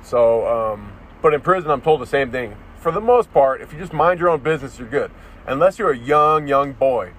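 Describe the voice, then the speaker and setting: A man's voice: medium pitch, expressive, normal speed, a bit bright. A young man hosting a comedy podcast, ranting crudely outdoors and saying "dude" constantly into a phone held to his face. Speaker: podcast host. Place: outdoors in a town, near parked cars. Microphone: phone held close to the face. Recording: phone recording outdoors with faint street noise.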